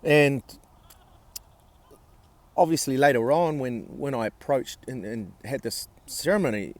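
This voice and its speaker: A man vlogging, telling a personal story in a blunt, sweary way with halting restarts. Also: mid-range voice.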